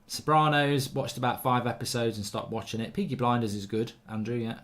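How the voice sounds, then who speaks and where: A man's voice: medium pitch, steady tone, a bit bright. A man hosting a live football watchalong, chatting casually, reading out viewer comments and giving strong opinions. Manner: chatty, opinionated, quick to get worked up over refereeing.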